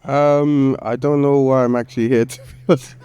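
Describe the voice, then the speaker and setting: Male panelist, warm smooth voice, self-deprecating and good-humored. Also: mid-range voice, flat delivery, moderate pace, dull audio. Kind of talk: panel talk.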